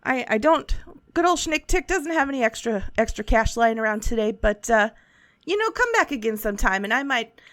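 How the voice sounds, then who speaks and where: A woman's voice: a little high, animated, fairly quick, a bit bright, no room sound. A woman voicing a shady, folksy male tinkerer with a put-on Southern drawl, hesitant and chatty, for a tabletop game. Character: shady folksy male handyman tinkerer, friendly but cagey.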